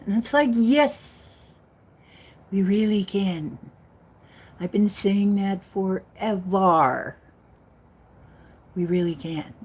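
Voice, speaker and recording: A woman's voice: medium pitch, drawn-out words, pauses often, darkish tone, slightly rough. A woman giving an earnest, rambling spiritual talk, telling a story with many restarts. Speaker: spiritual channel host.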